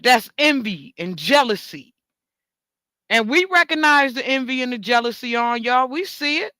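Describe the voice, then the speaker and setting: A woman rants straight into the mic in a high, bright voice. She swears freely and repeats words for emphasis, and the dry recording has no room sound. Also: animated, moderate pace, no echo. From New York. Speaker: talk show host. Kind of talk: ranting monologue.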